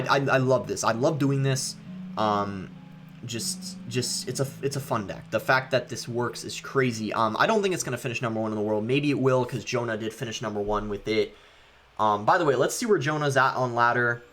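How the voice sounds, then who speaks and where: A man's voice: medium pitch, fairly bright tone. Casual young man commenting on gameplay. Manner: casual, thinking aloud with frequent ums. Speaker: gaming YouTuber.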